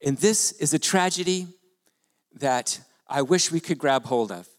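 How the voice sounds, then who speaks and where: Male pastor, sermon, fairly high voice, lively and animated delivery, rhetorical questions, long hall reverb. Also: a little slow.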